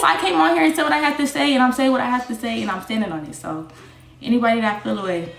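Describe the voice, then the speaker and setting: A woman's voice: a little high, quick pace, creaky. A young woman streamer, ranting bluntly and defiantly, swearing and repeating herself. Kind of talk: livestream rant. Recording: echoey room with faint music.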